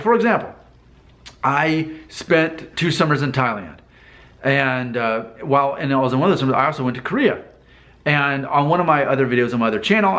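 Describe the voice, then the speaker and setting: A man's voice: medium pitch, fairly bright tone. A man talking casually to camera in a vlog, thinking aloud with rhetorical questions and restarts. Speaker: vlogger. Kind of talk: casual talking-head commentary.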